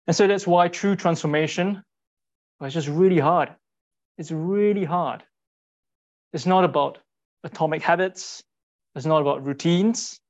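A man giving a sermon in an earnest, rhetorical way, repeating short phrases and pausing for weight. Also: fairly high pitch, a little mellow, lo-fi sound. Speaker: speaker giving a Bible talk.

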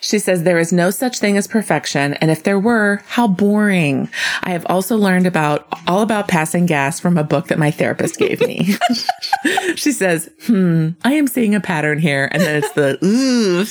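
A woman's voice: lowish voice, animated, normal speed. A woman co-hosting a podcast, reading a listener's letter aloud and often breaking into laughter. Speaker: podcast co-host.

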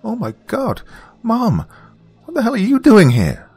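A man voicing a distressed young adult daughter who talks in a shrill, indignant way. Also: huge pitch swings, unhurried, darkish tone, slightly rough, faint music behind, full character voice. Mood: shocked.

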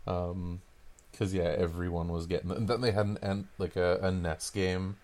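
A man in his thirties with a very low voice, trading podcast banter. His storytelling is crude and jokey. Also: level tone, moderate pace, darkish tone. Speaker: podcast co-host. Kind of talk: casual chat.

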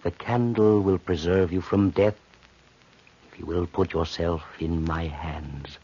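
An actor playing a commanding physician and mesmerist who speaks with calm authority and a husky voice in a 1940s radio play, on a dull old broadcast recording. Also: male voice, deep voice. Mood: hypnotic. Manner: authoritative, slow and hypnotic when inducing trance.

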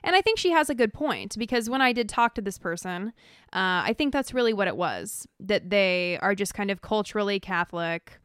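A woman co-hosting a casual podcast with a smooth, clear voice. She explains things at a measured pace with a wry edge. The sound is dry and close to the mic. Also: medium pitch, expressive, fairly bright tone, dry recording. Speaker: podcast co-host.

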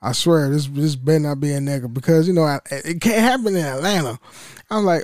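A man's voice: a little high, brisk, darkish tone, no echo, clean studio sound. Profane rambling man podcaster. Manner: profane, rambling, stammers and laughs between thoughts. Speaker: podcast host. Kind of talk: casual solo podcast rant.

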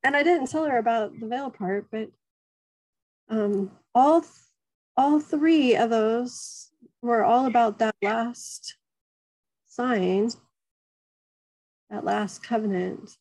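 A woman with a somewhat high yet mellow, warm voice, speaking earnestly and searchingly as she recounts an experience. She talks in a casual group discussion. The sound is dry and close. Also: slow, long pauses, dry recording, low-quality recording.

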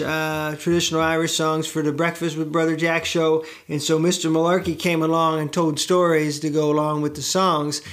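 A middle-aged man from the United States, a show host telling a rambling, self-deprecating story to camera with many fillers and side tracks. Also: a little high.

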